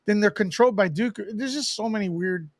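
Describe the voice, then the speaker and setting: High-voiced quick-talking man. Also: no echo, studio quality. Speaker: podcast co-host. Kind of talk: casual review chat.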